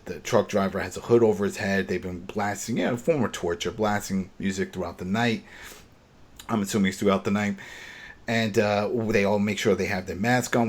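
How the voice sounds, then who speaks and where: Husky man retelling a TV episode. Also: fairly low pitch. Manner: animated retelling, acting out dialogue. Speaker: podcast host recapping a TV episode. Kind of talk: casual podcast chat.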